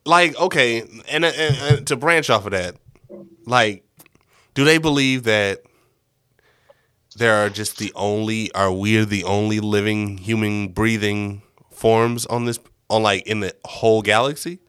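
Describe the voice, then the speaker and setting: A young man co-hosting a podcast, answering in a quick, affirming way and laughing easily. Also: lowish voice, fairly bright tone, clear, resonant tone, no room sound, studio quality. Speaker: podcast co-host. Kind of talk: casual podcast chat.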